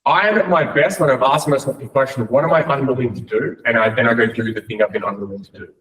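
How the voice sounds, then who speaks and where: A man's voice: mid-range voice, fast talker, a bit bright. A man coaching a room of people, talking bluntly with lots of swearing and frequent "right?" and "like". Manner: blunt and profane, many "right?" and "like". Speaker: business coach. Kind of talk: motivational talk to a room. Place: room with an audience. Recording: echoey room, mic at a distance.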